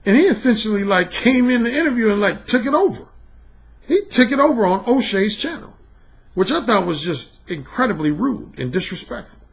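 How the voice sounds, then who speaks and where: A man's voice: high-pitched, very animated, a little fast, creaky. A middle-aged man hosting his own podcast, talking in a blunt, emphatic, profane monologue. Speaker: podcast host and dating coach. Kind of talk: casual monologue.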